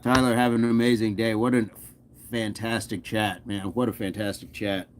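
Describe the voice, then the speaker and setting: A man's voice: lowish voice, little pitch movement, moderate pace, slight background noise. A man hosting a casual fitness live stream, playful and jokey as he chats with viewers on his phone. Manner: playful, jokey, hypes up the chat.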